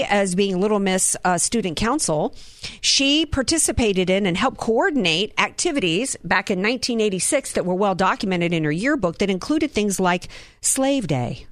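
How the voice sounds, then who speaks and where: A woman's voice: medium pitch, no echo. Woman from the Southern US, political commentator, indignant, rhetorical questions, dry close sound. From Southern United States.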